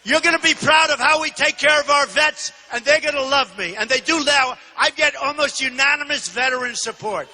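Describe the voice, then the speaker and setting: A man's voice: very high-pitched, normal speed, few pauses. Male, 60s, political candidate, punchy repetitive rally delivery, long arena reverb. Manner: emphatic, repetitive, often shouting. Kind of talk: campaign rally speech. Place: large indoor arena.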